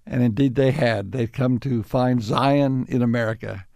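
An older man being interviewed, telling reflective stories in an unhurried, anecdotal way with chuckles. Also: mid-range voice, fairly even intonation, vocal fry, a little mellow, dry recording. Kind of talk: reflective storytelling.

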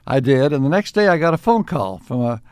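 A man's voice: medium pitch, very animated, clean tone, no echo. Older man telling stories, dry sound. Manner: unhurried, warmly anecdotal, with chuckles. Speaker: interviewee. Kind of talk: reflective storytelling.

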